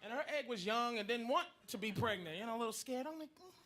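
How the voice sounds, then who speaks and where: A man's voice: very high voice, expressive, fast, pushed and bright. A man in his thirties doing crude, rambling stand-up comedy in a noisy live room. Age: 30s.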